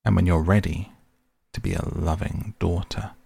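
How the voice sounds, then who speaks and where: A man voicing a cold, controlling false mother, soft and icy, in a storybook reading. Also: sits low, fairly even intonation, normal speed, gravelly, slightly rough, no room sound, heavily acted.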